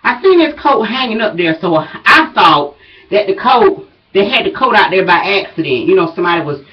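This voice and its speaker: In a dull, distant home recording, a vlogger addresses her viewers, out of breath yet chatty and folksy, tossing in drawling asides. Her mid-range voice is sing-song at a moderate pace.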